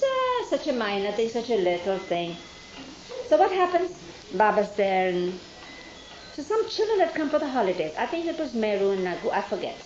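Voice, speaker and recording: Woman reminiscing in an echoey hall. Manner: animated, acts out remembered dialogue with rising pitch; hesitant fillers and self-corrections. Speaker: storyteller recalling her youth. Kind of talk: informal spoken memoir to a listening group. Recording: dull, roomy hall recording with faint hiss.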